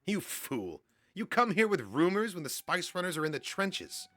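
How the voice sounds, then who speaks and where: A man's voice: high voice, very animated, normal speed, pushed and bright, no echo, faint music behind, pitched above the performer's own voice, exaggerated voice. A man voicing a haughty adult female crime queen who talks in a cold, imperious way.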